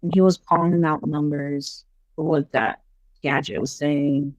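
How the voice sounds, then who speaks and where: A woman guest on a podcast, casually telling paranormal stories in a chatty, animated way full of fillers. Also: low voice, unhurried, no echo. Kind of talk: casual storytelling interview.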